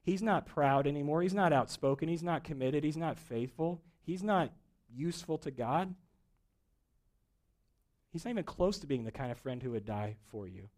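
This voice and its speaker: A man preaching a sermon, telling a story with acted-out dialogue and swings between loud emphasis and quiet moments. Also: a little high, animated, normal speed. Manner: storytelling preacher, acts out dialogue, rising and falling intensity. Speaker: pastor.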